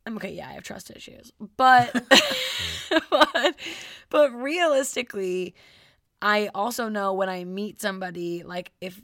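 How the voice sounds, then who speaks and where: A young woman co-hosting a podcast, telling stories with lively energy and loudly acting out the people she quotes. Her voice is bright and sharp, and it sounds close and dry with no room around it. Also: medium pitch, moderate pace, no echo. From Midwest. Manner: animated storytelling, acts out quotes loudly. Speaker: podcast co-host. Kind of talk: casual chat.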